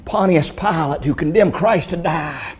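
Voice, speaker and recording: A man preaches a vivid sermon story in a high voice. His delivery swells to intense peaks and drops low and grave. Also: unhurried, rough recording. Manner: intense, rising and falling delivery.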